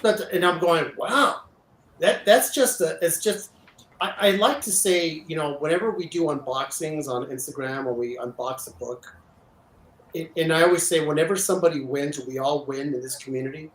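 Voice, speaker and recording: A man's voice: fairly high pitch, normal speed, a little hiss or hum. A man hosting a casual chat, talking enthusiastically with many stumbling restarts. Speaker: host. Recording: echoey room.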